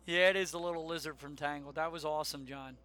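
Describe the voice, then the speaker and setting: Man, middle-aged, high voice, bright tone, animated, emphatic, casual chat. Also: quick pace. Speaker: podcast co-host.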